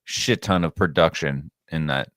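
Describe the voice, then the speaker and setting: Male co-host, deep voice, explanatory and even-keeled. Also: normal speed, no echo, studio quality. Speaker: podcast co-host. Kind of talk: casual podcast chat.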